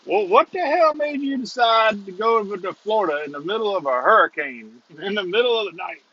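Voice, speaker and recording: A gruff Louisiana policeman drawls in disbelief, put on by a man retelling a roadside stop. The voice sits high and lively, and the lo-fi audio sounds dull and muffled. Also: a little fast, full character voice. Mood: incredulous.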